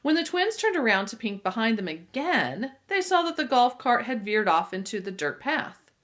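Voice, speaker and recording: A woman reading a children's adventure novel aloud with lively storytelling and occasional asides to listeners. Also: a little high, normal speed. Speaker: reader.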